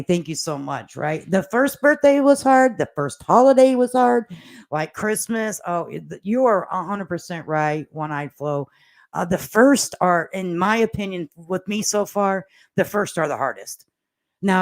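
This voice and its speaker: Chatty woman hosting a casual livestream. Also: fairly low pitch. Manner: chatty, laughs often, swears casually. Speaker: livestream host reading viewer comments.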